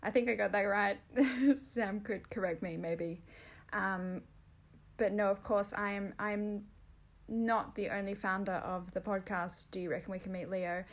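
A woman's voice: mid-range voice, steady tone, measured pace. An Australian woman hosting a comedy podcast on her own, rambling playfully and mocking herself. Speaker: podcast host. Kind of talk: solo comedy podcast chat.

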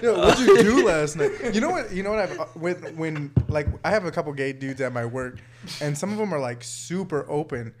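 A man bantering on a podcast with crude jokes and quick reactions. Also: on the high side, background noise. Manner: crude joking, quick reactions, animated when he quotes people. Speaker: podcast co-host. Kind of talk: casual banter.

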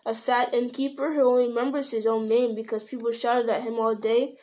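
Woman reader voicing a quiet, weathered male wanderer, measured and grave, storybook tone. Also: level tone, lightly acted. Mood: scornful. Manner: low, measured, blunt. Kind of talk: storybook reading.

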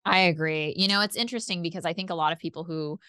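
A woman's voice: fairly low pitch, quick pace, sharp tone, clean tone, dry recording, clean studio sound. A woman in casual conversation, speaking in a reflective way with many fillers. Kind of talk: casual chat.

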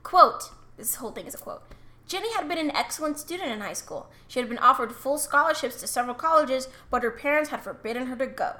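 A woman's voice: high-pitched, expressive, quick pace, sharp tone. A woman co-hosting a podcast, chatting casually with profanity and jokes, and reading quoted passages aloud. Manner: profane, jokey, acts out bits. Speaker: podcast co-host.

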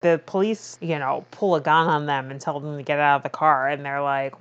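A woman's voice: low-pitched, normal speed, hardly any pauses, clear, resonant tone, dull audio. A woman co-hosting a casual podcast, chatting as she recaps a movie scene by scene. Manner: chatty, retells scenes with quoted lines. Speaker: podcast co-host.

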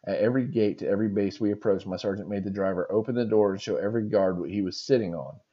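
A man's voice: lowish voice, fast, muffled recording. A man hosting a podcast, reading funny stories aloud and reacting with laughs between them.

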